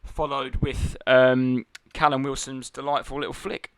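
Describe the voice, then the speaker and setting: A man's voice: medium pitch, level tone, unhurried, crowd noise. A man co-hosting a casual football podcast, laid-back and often laughing along. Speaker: podcast co-host.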